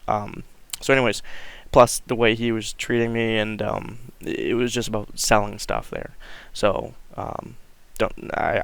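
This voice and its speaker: A man tells a long story in a casual, rambling way, stopping for fillers and restarts and acting out quoted lines. His voice is gravelly yet smooth. The recording is dry, with no room sound. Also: mid-range voice, a bit bright, no echo. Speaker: vlogger telling a story.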